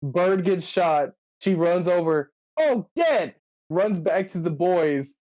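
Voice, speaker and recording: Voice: mid-range voice, slow pace. A podcast co-host casually recapping a movie, acting out the characters' lines. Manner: animated storytelling, acts out characters' lines.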